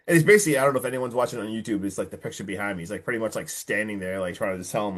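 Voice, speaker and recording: A man's voice: on the low side, very fast. Chatty man recapping a horror movie. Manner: animated storytelling, heavy filler words. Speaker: podcast host.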